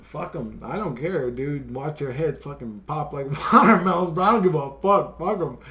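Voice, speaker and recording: A man's voice: a little high, normal speed, fairly bright tone, a little hiss or hum. A man vlogging a rambling, profane conspiracy rant to his viewers, swearing constantly and chuckling between points.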